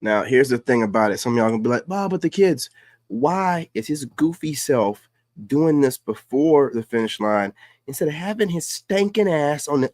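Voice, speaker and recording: A man's voice: a little high, dry recording, studio quality. A man hosting a casual livestream, reacting to clips in slangy, hyped streamer talk. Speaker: livestream host.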